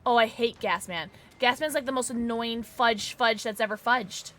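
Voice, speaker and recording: Woman streamer, fairly high, bright voice, excitable and gasping, playful teasing. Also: moderate pace. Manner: excitable, gasping, chatty and joking; playful mock-polite teasing. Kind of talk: live gameplay commentary.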